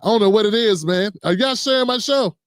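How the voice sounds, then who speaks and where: A middle-aged man with a high, light voice hosts a loose, playful talk show full of slang and banter. The sound is dry and close, with no room around it. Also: fairly quick, dry recording. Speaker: political talk show host. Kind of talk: casual livestream commentary.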